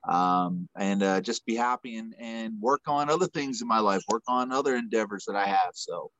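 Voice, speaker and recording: A retired male fighter, a podcast guest, telling a story in a rambling, animated way with lots of fillers. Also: fairly low pitch, moderate pace, dry recording. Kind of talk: casual storytelling. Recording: muffled dry podcast audio.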